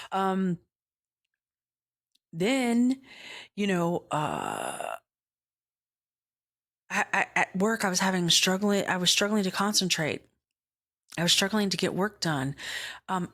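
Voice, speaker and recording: A woman's voice: lowish voice, no echo, clean studio sound. A middle-aged woman hosting a podcast, telling a rambling personal story and acting out bits of dialogue in other voices. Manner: animated, rambling, acts out dialogue with whispered asides. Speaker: podcast host. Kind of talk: casual storytelling monologue.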